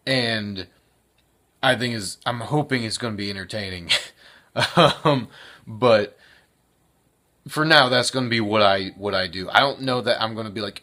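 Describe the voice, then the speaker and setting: A man's voice: lowish voice, a little slow, long pauses, sharp tone. A young man chatting casually in his daily vlog, rambling with lots of fillers and chuckles. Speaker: vlogger and actor.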